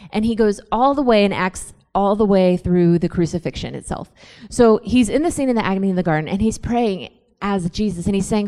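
A young woman speaks to a young crowd at a church event and shares her faith story. She starts out quiet and conversational, then builds into fervent preaching. Her voice sits at an ordinary pitch. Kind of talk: faith testimony talk to a young audience.

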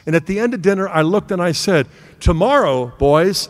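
A man's voice: high voice, lively intonation, normal speed. Earnest man giving a talk in a hall. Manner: earnest storytelling, acts out family dialogue. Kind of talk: sermon-style talk with personal story. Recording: long hall reverb.

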